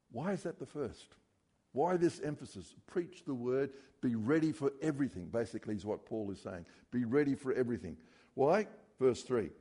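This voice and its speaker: A man's voice: medium pitch, moderate pace, warm tone, breathy edge. A man preaching a sermon in a church, talking to the congregation conversationally and asking rhetorical questions.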